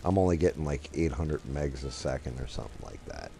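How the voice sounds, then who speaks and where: A man's voice: rumbling low, expressive, fairly quick, vocal fry, dark tone, a little hiss or hum. A middle-aged man hosting a stream, chatting casually and rambling while gaming, swearing offhandedly into a desk microphone. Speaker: streamer, host.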